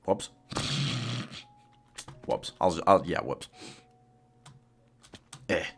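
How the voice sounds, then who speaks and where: A man's voice: low voice, very slow, gravelly, fairly bright tone. A man streaming a game live, chatting casually with his chat, laughing often and coaxing his companion along. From United Kingdom.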